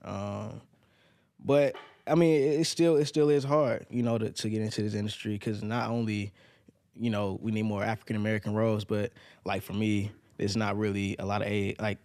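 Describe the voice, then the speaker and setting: Young man, actor guest, gravelly low voice, laid-back, dry close sound. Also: fairly even intonation, normal speed, darkish tone, dry recording. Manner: laid-back, hesitant with ums. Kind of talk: casual podcast chat.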